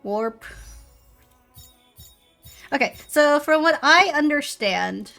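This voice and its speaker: A woman's voice: sits high, animated, slow, gravelly, bright, forceful tone, faint music behind. A young woman streamer giving casual gameplay commentary, swearing and playing up mock-dramatic self-pity.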